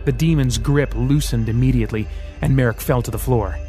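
Guy reading an action audiobook, steady dramatic narration, mid voice. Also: medium pitch, a little fast, faint music behind. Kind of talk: scripted narration.

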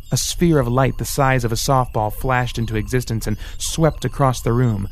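A man narrating an audiobook in steady scripted storytelling. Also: medium pitch.

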